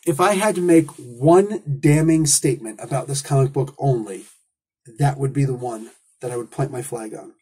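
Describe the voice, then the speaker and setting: A man's voice: medium pitch, normal speed, dark tone, breathy edge. A man hosting a comic book review, talking in a casual, opinionated monologue full of rhetorical questions and asides.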